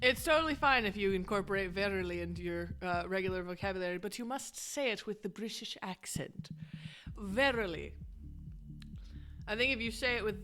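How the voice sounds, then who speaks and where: A woman's voice: medium pitch, animated, fast, few pauses, a bit bright, faint music behind. A woman streamer chatting casually over gameplay, laughing often. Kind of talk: casual live-stream commentary.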